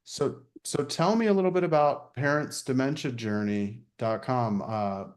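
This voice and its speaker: A man hosting an interview, asking questions in a soft-spoken, halting way. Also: mid-range voice. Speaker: interview host. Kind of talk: conversational interview.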